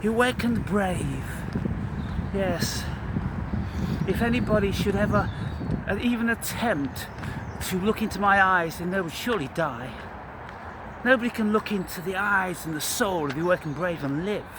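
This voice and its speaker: A man's voice: high voice, animated, normal speed, long pauses, noisy background. A man ranting confrontationally in a vlog, taunting and swearing, recorded outdoors near a street. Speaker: vlogger.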